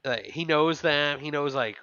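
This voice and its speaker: Chatty male co-host, bright forward voice, dry and slightly dull podcast sound. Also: a little high, unhurried, clear, resonant tone, no echo. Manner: chatty, musing, thinks aloud. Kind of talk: casual chat.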